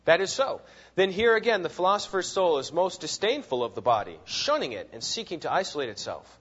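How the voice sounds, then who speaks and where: Male Bible teacher, emphatic lecturer, fairly high voice, dull lo-fi recording. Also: brisk, husky. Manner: animated, emphatic, repeats words and asks "right?". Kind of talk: classroom lecture with readings.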